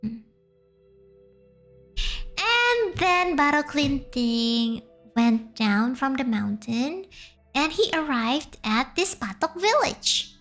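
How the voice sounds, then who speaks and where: A woman's voice: high voice, sing-song, slow, long pauses, fairly bright tone, soft background music. A young woman with an Indonesian accent, whose first language is Indonesian, hesitantly retells a folk tale on stream in English, translating as she goes.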